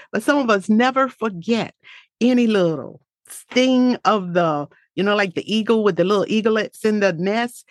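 A woman's voice: medium pitch, dry recording, studio quality. A woman giving a heartfelt, faith-filled motivational talk in an earnest, reflective way.

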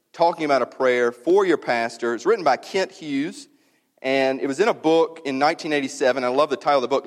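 A pastor with a slightly high voice makes announcements to his church in a candid, conversational way, full of fillers and asides, slowing down when he reads a passage aloud. A long reverb from a large hall surrounds his voice.

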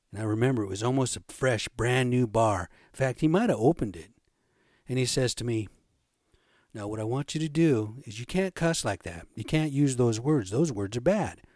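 A man's voice: medium pitch, a little mellow, no room sound. Blunt older man telling stories, dry. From Indianapolis, USA. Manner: blunt, swearing, shifting pace while acting out quotes. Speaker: podcast host. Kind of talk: profane storytelling monologue.

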